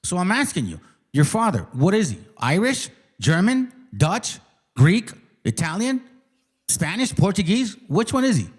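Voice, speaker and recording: A man's voice: sits high, sing-song, a little slow, breathy edge. A man hosting a live online debate, combative and profane, who interrupts constantly and repeats himself. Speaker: host of a live debate stream.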